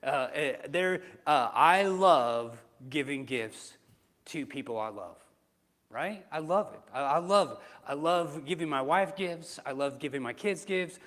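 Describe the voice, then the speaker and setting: A man's voice: on the high side, lively intonation, unhurried, a bit bright. Man preaching, conversational, echoey hall. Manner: conversational preaching with rhetorical questions. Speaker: pastor. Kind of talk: sermon. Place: church sanctuary. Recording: reverberant church hall.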